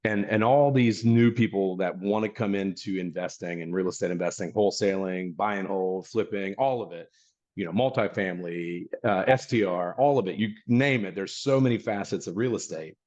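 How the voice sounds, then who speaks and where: A man's voice: low-pitched, moderate pace, a little mellow. A man hosting a podcast in casual chat, emphatic and repeating his points for stress. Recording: dull muffled lo-fi sound.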